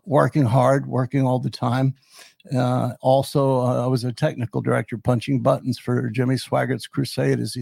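Older male podcast host in his 70s, gravelly and husky, rambling storyteller. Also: mid-range voice, dark tone, no echo. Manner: rambling, many fillers and restarts. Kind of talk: personal storytelling.

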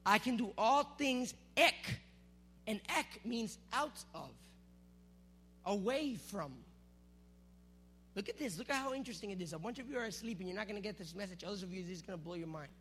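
A man preaching to a youth group, energetic and teasing, calling out to the crowd. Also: high voice, normal speed, long pauses, soft background music. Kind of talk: sermon with object lesson.

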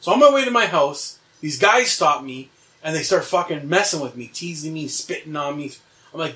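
A man's voice: fairly high pitch, lively intonation, moderate pace, pushed and bright, distant mic. A young man animatedly telling a wild dream story in casual chat, swearing and laughing as he goes.

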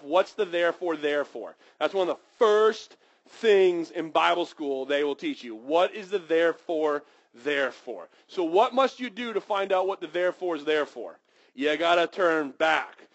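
A man preaching a sermon, animated and storytelling, who acts out characters with sudden high yelps and drops to a hushed voice for reverent points. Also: highs cut off.

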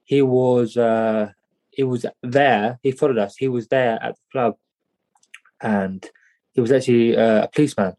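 A man telling a personal story in an interview, halting and repeating words, often saying "mate". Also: mid-range voice, steady tone, warm tone. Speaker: guest.

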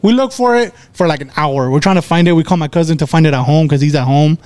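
A young man casually telling a story to friends, swearing freely and getting animated. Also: on the high side, quick pace, smooth, dry recording.

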